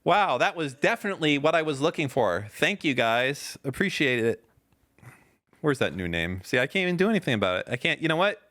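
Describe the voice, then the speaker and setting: A man's voice: fairly high pitch, very animated, a little fast, fairly bright tone. A man hosting a casual podcast chat, blunt and sarcastic in his remarks. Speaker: podcast host.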